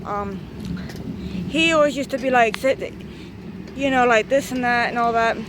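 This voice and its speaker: High-pitched woman rambling a vlog story, lots of traffic noise outside. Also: moderate pace. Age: 30s. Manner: excitable, meandering storytelling with swearing. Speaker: vlogger.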